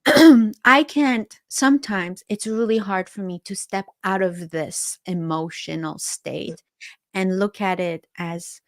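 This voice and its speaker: A woman's voice: medium pitch, slow. A woman from Iran hosting an interview, speaking in a mid-range voice. She asks her questions earnestly and from the heart. Her recording sounds dry, with no room echo. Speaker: host. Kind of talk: conversational interview.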